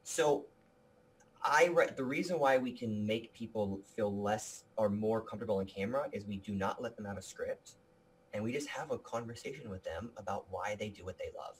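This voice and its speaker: A man's voice: lowish voice, moderate pace, a little hiss or hum. A man being interviewed about his video production company, talking with energy and earnestness, often restarting his sentences. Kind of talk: casual interview talk.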